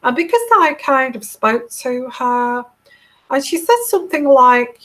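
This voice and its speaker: A woman from the UK who reads tarot, recounting a dream in a soft, calm voice, hesitant and full of fillers and restarts. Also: sits high, a little slow. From United Kingdom. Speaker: intuitive tarot reader. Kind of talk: casual monologue recounting a dream.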